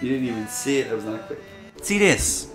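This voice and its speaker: A young Irish man giving excitable, casual commentary while streaming a game, with sudden loud shouts and laughs and casual swearing. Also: mid-range voice, racing, reverberant, music in the background.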